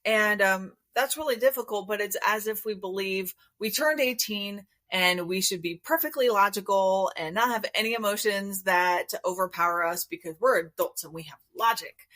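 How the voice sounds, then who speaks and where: A woman therapist, a guest on a podcast interview, explaining her approach in a calm, measured way. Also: mid-range voice. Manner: calm, measured, explanatory, acts out inner voices.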